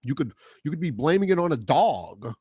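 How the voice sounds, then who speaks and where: Heated ranting man, lively pitch. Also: fairly quick, slightly rough, dry recording, studio quality. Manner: mocking quoted voices. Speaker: political commentary host. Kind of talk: casual monologue.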